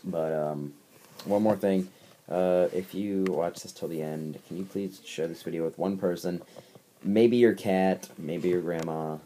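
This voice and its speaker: Teen guy w a low voice cussing nonstop, ranting about his week, lots of ums. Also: mellow, a little hiss or hum. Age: teens. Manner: profane, irritated ranting; rambling with many fillers. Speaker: gaming channel host. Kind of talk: ranting gameplay commentary. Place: bedroom.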